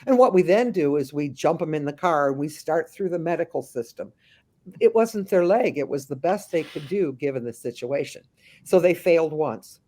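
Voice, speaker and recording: A woman working as a memory care consultant, answering interview questions with lively acted-out anecdotes and frequent restarts. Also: sits low, moderate pace. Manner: animated storyteller, slips into voices of the people she describes; frequent restarts and thinking aloud.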